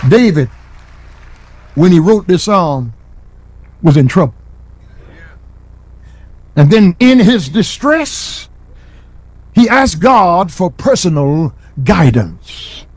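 A middle-aged man preaching a sermon in a church, repeating lines and building to shouts. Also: high voice, big pitch swings, takes it slowly, long pauses, no room sound, a faint crowd. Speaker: pastor. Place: church sanctuary.

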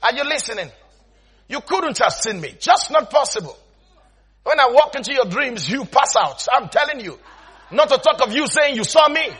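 A man preaching a sermon in an animated way, often laughing and breaking into shouts. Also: very high voice, normal speed, slightly rough.

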